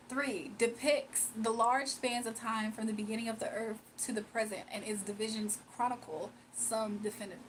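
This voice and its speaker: A young woman talks casually to her livestream audience, reading out comments and teasing viewers. Her voice sits slightly high and stays relaxed and playful. A faint background noise runs under the recording. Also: low-quality recording. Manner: playful, laughs often, reads chat aloud. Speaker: livestream host.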